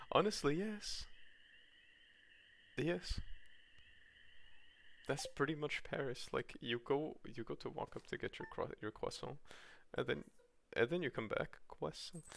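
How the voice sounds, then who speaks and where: His mid-range voice is gravelly, bright and forceful as he streams a cozy farming game from home. Faint game music hums beneath his chatty, laughter-packed rambling, full of responses to chat and frequent restarts.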